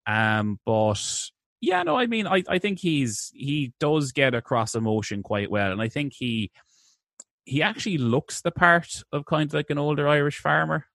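A man co-hosting a casual film review chat, animated and laughing often, with stammering restarts. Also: on the high side, moderate pace, gravelly, no room sound, studio quality. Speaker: podcast co-host.

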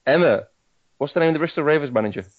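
A man co-hosting a podcast in casual chat, teasing and quick to apologise. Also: a little high, animated, narrow, tinny audio. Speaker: podcast co-host.

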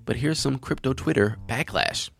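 A man's voice: medium pitch, normal speed, creaky, a bit bright, faint music behind. A man hosting a crypto news show, reading out articles and giving his opinion in a conversational, earnest way.

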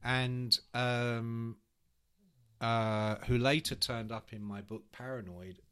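A man's voice: mid-range voice, takes it slowly, clean tone. A man telling an anecdote as a podcast co-host, acting out quoted voices and swearing casually. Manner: animated storyteller, acts out quotes. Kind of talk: casual storytelling chat.

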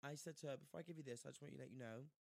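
A man's voice: mid-range voice, very fast, vocal fry, dry recording. A man telling a story in casual chat, acting out the people he quotes. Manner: animated, acts out quoted voices, slangy.

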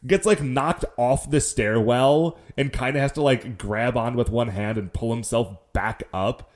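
A man's voice: mid-range voice, measured pace. A male podcast co-host recapping a story in casual chat, with dry teasing asides and "like" fillers.

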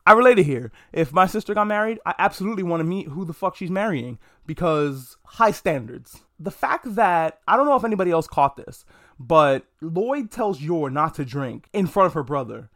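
A man with a slightly high voice talks alone on a casual review podcast. He is frank and joking, and he swears freely. His speech is easygoing and off the cuff. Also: very animated, moderate pace, fairly bright tone. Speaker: podcast host. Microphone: podcast mic.

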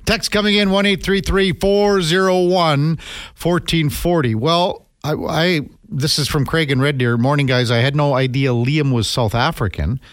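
Chatty radio host, dry studio sound. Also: male voice, fairly high pitch, moderate pace, no room sound. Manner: chatty and rambling, lots of fillers. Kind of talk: casual morning radio chat.

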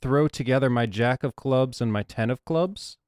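A man with an ordinary middle-pitched voice plays a tabletop game, relaxed and prone to chuckling. He hesitates with fillers as he counts out his cards. The sound is dry and close. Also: clean tone, dry recording. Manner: laid-back, chuckling, halting while counting cards. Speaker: player.

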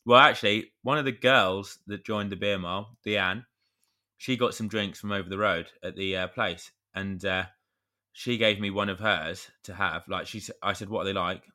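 Low, bright-voiced man telling a story. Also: fairly even intonation, moderate pace. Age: 30s. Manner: rambling storyteller, chatty with mild swearing. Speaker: podcast co-host. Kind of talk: casual chat.

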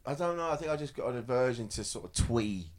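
Man comic, mid pitch with lively swings, blunt and grumbly. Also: fast talker. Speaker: comedian panelist. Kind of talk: live panel show banter. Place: live comedy venue stage.

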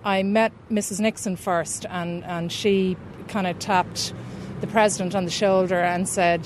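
Irish woman in her 50s, lots of ums, loud street noise behind. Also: lowish voice, steady tone, unhurried. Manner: hesitant, many ums. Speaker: guest. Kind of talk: interview storytelling.

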